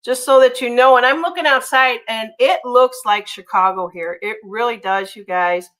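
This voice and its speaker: A woman hosting a casual livestream, chatty and gushing, often pausing on ums and uhs as she reads viewer comments. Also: a little high, a bit bright, poor audio. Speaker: livestream host.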